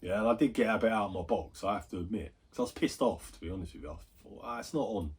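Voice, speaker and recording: A man's voice: lowish voice, fast, husky. A man chatting casually, swearing freely and wandering into asides as he tells a story on his gaming vlog. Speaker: gaming YouTuber.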